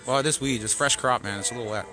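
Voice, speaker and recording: A man, hosting his own show and ranting angrily to camera, profane, swinging between shouting and muttering. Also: medium pitch, fast talker, over music. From Canada. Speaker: show host. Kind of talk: angry political rant to camera.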